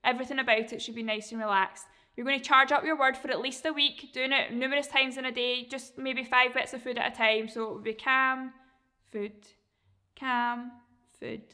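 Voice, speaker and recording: A woman dog trainer explaining a training method in a relaxed, chatty way, sometimes acting out how a dog reacts. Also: sits high, normal speed, smooth. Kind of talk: casual instruction.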